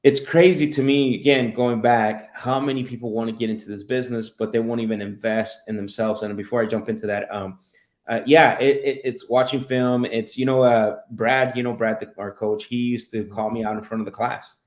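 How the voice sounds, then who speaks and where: A man's voice: mid-range voice, fairly even intonation, fairly quick, echoey room. A man hosting a casual sales podcast, telling stories with lots of restarts and repeated words. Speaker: podcast host and sales coach.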